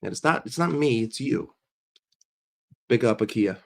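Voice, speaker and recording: A man's voice: mid-range voice, animated, normal speed, vocal fry. A man hosting a casual livestream while sick and congested, chatting with viewers, greeting them by name and often repeating himself. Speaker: livestream host.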